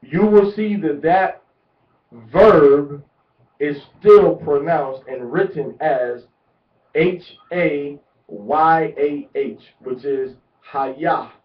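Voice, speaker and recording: A man giving a deliberate religious lecture, repeating words to drive each point home. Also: on the high side. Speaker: religious teacher. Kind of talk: instructional lecture. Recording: echoey, distant, muffled lo-fi.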